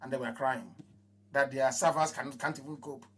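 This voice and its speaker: A man with a Nigerian accent gives an impassioned live address to his followers. He repeats his phrases and swings between raised proclamations and low mutters. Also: fairly even intonation, moderate pace, husky. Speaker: movement leader addressing followers.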